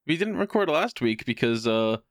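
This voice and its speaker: Man, casual podcast chat, wry storyteller, middling pitch, dry close mic. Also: sing-song, normal speed, dry recording. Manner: wry storytelling with put-on voices. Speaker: podcast co-host.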